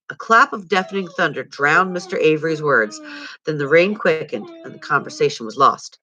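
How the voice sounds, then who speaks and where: A woman reading a novel aloud at home in an expressive storytelling way. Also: sits low, moderate pace. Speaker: reader.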